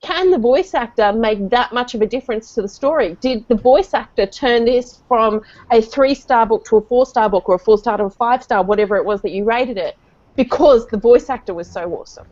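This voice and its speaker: A woman's voice: fairly high pitch, a little fast, a little mellow. A woman, thinking aloud in a casual book club chat. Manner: chatty, thinks aloud with fillers. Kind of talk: casual discussion. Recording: dull lo-fi sound.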